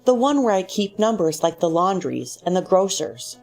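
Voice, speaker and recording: A woman reading as a quiet, withdrawn wife. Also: on the low side, big pitch swings, normal speed. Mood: guarded. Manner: quiet, without emotion. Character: withdrawn, flat-voiced wife, middle-aged woman. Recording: faint music underneath.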